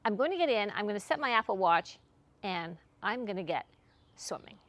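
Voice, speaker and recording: A woman's voice: medium pitch, animated, fairly quick, a bit bright, no room sound, highs cut off. A woman in her sixties talking to camera about her workouts in a chatty, candid, self-deprecating way. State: out of breath after swimming. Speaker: fitness vlogger. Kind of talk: casual talk to camera.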